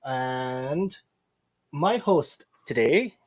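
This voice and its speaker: A male podcast host in relaxed livestream chat, mid-pitched and loose, tossing out greetings to viewers between ums and uhs. His voice sits close and dry, with little room around it. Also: extremely slow, no echo. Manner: chatty and joking, greets viewers, many fillers.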